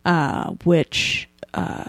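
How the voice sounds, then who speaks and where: A young American woman, a comedian guest, chatting casually with lots of ums and likes. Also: no echo. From United States. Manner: chatty, quick bursts with frequent ums and likes. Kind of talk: casual podcast interview.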